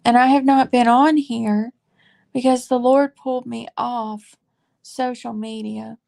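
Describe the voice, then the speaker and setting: A woman in her forties shares a heartfelt faith testimony, close to tears. Her voice is deeply gravelly with heavy fry, and her pitch stays flat and level. She talks in an earnest, confiding way, halting with fillers. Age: 40s. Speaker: faith vlogger.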